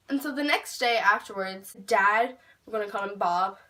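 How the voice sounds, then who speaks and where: Teenage Irish girl vlogger, casual storytime, animated and sweary, mid-pitched, mic a little distant. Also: fairly quick. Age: teens. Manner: animated, swearing, lots of "like" fillers. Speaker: beauty vlogger.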